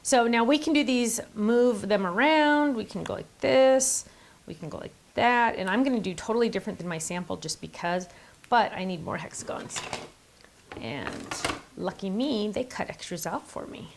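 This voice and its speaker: A woman's voice: mid-range voice, expressive, normal speed, creaky, slight background noise. A middle-aged woman hosting a card-making tutorial, chatty and enthusiastic, gushing over her supplies. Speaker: craft video host.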